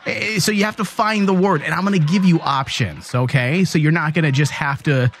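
A man's voice: a little high, brisk, a little hiss or hum. A man hosting a comedic call-in show, joking and rambling as he talks to callers. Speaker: show host. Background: faint music.

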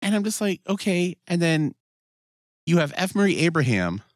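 A man's voice: on the high side, big pitch swings, moderate pace, no room sound, clean studio sound. A man co-hosting a podcast in casual chat, telling stories with profanity and acted-out quotes. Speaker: podcast co-host.

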